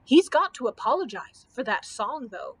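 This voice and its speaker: A woman's voice: on the high side, big pitch swings, normal speed, slightly rough, exaggerated voice. A woman voicing a proud, gallant male knight who speaks in archaic, stately phrases in a storybook reading. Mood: stern.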